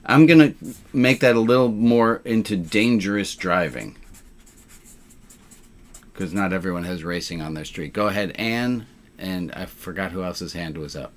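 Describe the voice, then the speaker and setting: A man's voice: low-pitched, normal speed. A man, a rabbi, leading a community group discussion with dry, wry asides.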